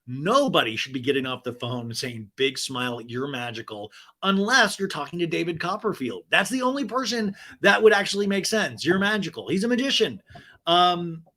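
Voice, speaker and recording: A man hosting a podcast, recapping a reality show in an animated, gossipy and profane casual chat. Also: high voice, normal speed. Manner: animated, gossipy, profane, laughs at own jokes. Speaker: podcast host.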